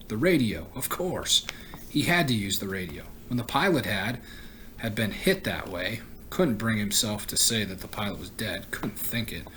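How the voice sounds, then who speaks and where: A man, a teacher, reading a novel aloud in a steady voice, with the odd stumble and self-correction. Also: on the low side, slight background noise, low-quality recording.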